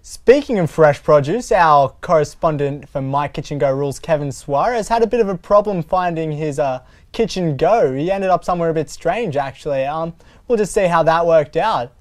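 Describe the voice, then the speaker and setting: A man's voice: on the high side, expressive, normal speed, dry recording. A young man co-hosting a student TV show, joking and chatting casually with his co-host. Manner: joking, playful. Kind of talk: casual studio banter.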